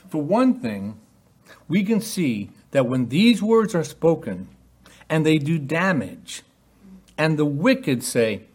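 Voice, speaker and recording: A man's voice: fairly high pitch, big pitch swings, takes it slowly, a little mellow, slightly rough. A man preaching a sermon in a conversational way, often putting rhetorical questions to his listeners.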